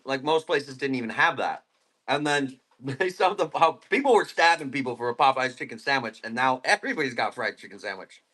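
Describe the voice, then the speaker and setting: A man's voice: mid-range voice, animated, a little fast, bright, forceful tone. Male stream host, easygoing, rambling plant chat, talks with food in his mouth. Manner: rambling, laid-back, eating while talking. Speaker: live-stream plant seller. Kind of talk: casual live-stream chat.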